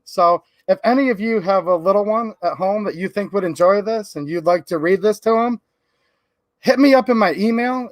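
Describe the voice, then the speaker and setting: A livestream host with a high-sitting voice talks casually but in a fired-up, emphatic way. The audio has no echo.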